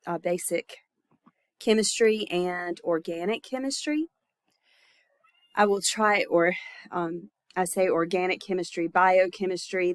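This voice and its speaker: A woman's voice: lowish voice, a little slow. A woman instructor recording a lecture, her voice stuffy and congested from illness, speaking informally with fillers and self-corrections.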